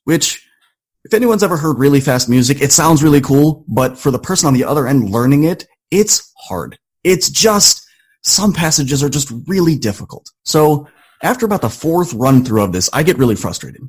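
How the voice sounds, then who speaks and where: A man guesting on a podcast, telling a personal story in an animated, conversational way. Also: a little high, moderate pace, husky.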